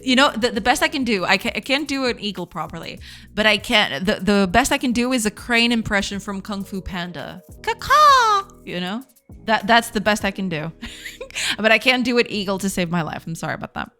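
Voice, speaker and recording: A woman's voice: mid-range voice, animated, brisk, sharp tone, soft background music. Giggly self-deprecating woman streamer. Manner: giggly and self-deprecating, stumbles over words. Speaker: game developer streaming live. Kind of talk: casual livestream chat, reacting to chat.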